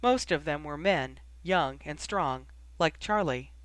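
A man narrates a story in a steady, even reading voice, pitched a little high. The recording is close and dry, with no room echo. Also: takes it slowly. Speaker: audiobook reader. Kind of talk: fan fiction audiobook narration.

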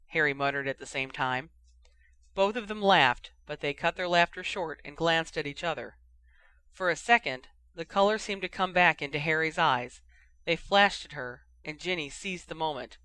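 A reader narrating a fan fiction audiobook in a steady, even storytelling manner. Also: medium pitch, normal speed, smooth, dry recording.

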